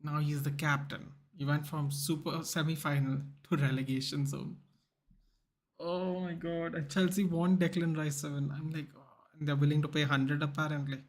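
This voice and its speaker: A man chats through a live football watchalong, his voice sitting slightly higher than most men's. He rambles along with loose, opinionated talk and keeps calling people "dude". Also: little pitch movement, normal speed. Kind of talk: casual livestream chat.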